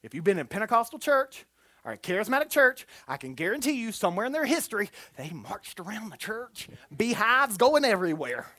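A preacher giving a Pentecostal sermon in an animated, exclamatory manner, with call-and-response to the congregation. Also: mid-range voice, brisk, dry recording.

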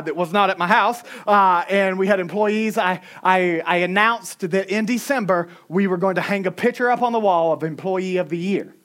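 A middle-aged pastor preaching at a church mic, his voice pitched notably high for a man. He drives points home by repeating them and slips in joking asides. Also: a bit bright. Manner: emphatic repetition and joking asides. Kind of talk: sermon. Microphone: microphone.

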